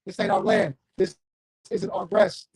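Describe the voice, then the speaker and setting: A man's voice: high voice, wildly swooping pitch, measured pace, creaky, darkish tone, breathy edge, no echo. A man giving a fiery, confrontational street sermon, reading scripture aloud and calling on listeners. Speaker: street preacher.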